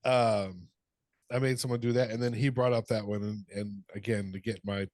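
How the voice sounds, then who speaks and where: A man's voice: lowish voice, fairly even intonation, moderate pace, darkish tone, no echo. A middle-aged man co-hosting a podcast, chatting casually, telling funny stories, laughing and swearing freely. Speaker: podcast co-host. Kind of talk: casual chat.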